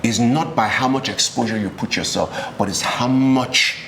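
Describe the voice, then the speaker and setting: A man from Nigeria, an actor being interviewed, telling stories in a relaxed chat and acting out the people he quotes. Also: mid-range voice, normal speed, a little hiss or hum. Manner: animated storyteller, acts out quoted voices.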